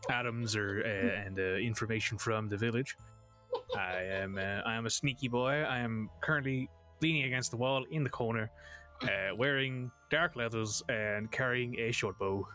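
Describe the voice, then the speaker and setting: A man's voice: mid-range voice, fairly even intonation, normal speed, sharp tone, faint music behind, close to an everyday voice. A man voicing a sneaky male goblin scout in a put-on Irish accent, stopping often with fillers. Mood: sly. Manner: hesitant, with many fillers.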